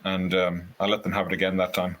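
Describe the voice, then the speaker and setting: A man telling a personal story in a casual conversation, earnest and animated, slipping into quoted voices now and then. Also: deep voice, fast talker, rough recording.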